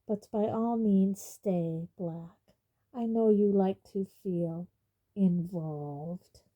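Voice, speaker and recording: A woman's voice: medium pitch, drawn-out words, narrow, tinny audio. Woman voicing a silky, sneering wizard teacher. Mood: cold sneering. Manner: quietly waspish, silky.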